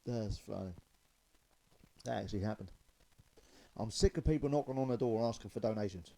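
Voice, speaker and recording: A man's voice: fairly low pitch, moderate pace, gravelly, pauses often, dark tone, rough recording. A man telling stand-up jokes, loose and chatty, chuckling at his own punchlines. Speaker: stand-up comedian.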